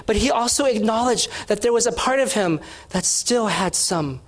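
A woman's voice: fairly high pitch, moderate pace, few pauses. A woman giving a devotional sermon, earnest and emphatic, sometimes restarting her sentences. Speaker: Bible teacher.

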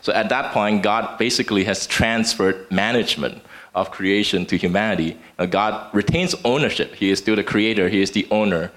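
A man with a very low voice adds his thoughts to a church group discussion. He explains a scripture teaching steadily and thoughtfully, sometimes restarting a phrase as he works through the point. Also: a bit bright. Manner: measured, explanatory, some restarts.

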